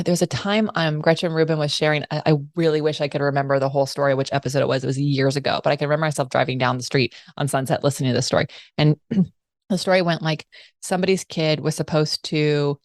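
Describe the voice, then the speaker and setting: Low-voiced chatty woman host, dry sound. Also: dry recording. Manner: chatty, many "like" fillers, animated storytelling. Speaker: podcast host. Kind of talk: casual interview conversation.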